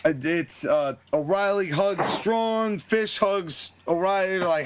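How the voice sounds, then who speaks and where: A man with a fairly high voice hosts a casual podcast, retelling a wrestling storyline with lots of animation. He slips into different voices for each character's lines as he narrates. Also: moderate pace, few pauses, a little hiss or hum. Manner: animated storytelling, acting out quotes in shifting voices. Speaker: podcast host. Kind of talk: casual recap of a fantasy wrestling booking.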